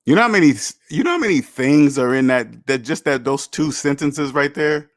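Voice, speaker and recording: A man's voice: mid-range voice, lively intonation, normal speed, no room sound, studio quality. A man hosting a personal finance livestream, lecturing emphatically with rhetorical questions and answering chat. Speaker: personal finance show host.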